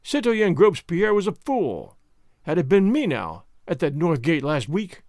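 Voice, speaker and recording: A man's voice: fairly high pitch, big pitch swings, a little slow, darkish tone, no echo, studio quality. A man voicing a pompous boastful gate sergeant. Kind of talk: audiobook character voice.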